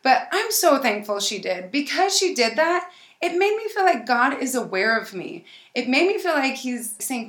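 A woman podcast host telling a personal story in an animated, excited way. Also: sits high, moderate pace, echoey room. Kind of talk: casual storytelling chat.

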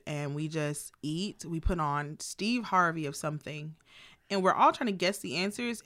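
A woman's voice: low-pitched, a bit bright. A woman guest on a casual chat, telling family stories with frequent laughter. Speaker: podcast guest.

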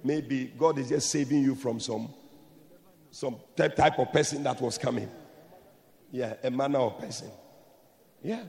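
A man preaching a sermon emphatically, moving from soft explanation to shouted blessings. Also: medium pitch, a little slow, vocal fry, long pauses, in a large hall.

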